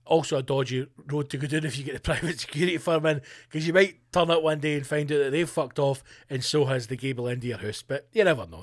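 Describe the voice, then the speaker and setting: A man's voice: a little high, fast, few pauses, no room sound, studio quality. A man hosting a casual comedy podcast, swearing freely and joking as he reads a news story aloud. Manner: sweary, jokey banter while reading a news story aloud. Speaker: podcast host. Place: home studio.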